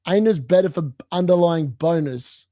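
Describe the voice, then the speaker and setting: A man with a fairly high but mellow, warm voice, recorded close and dry. He rambles through a casual football chat, full of filler words. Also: normal speed, no room sound. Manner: rambling, many fillers like "like" and "basically". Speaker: guest.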